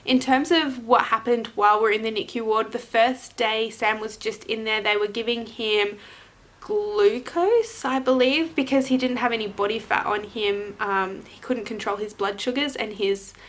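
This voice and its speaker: A woman's voice: fairly high pitch, fairly even intonation, moderate pace, a bit bright. A young woman vlogger candidly recounting a personal story in a chatty way, with frequent ums and hesitations. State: emotional, close to tears at times.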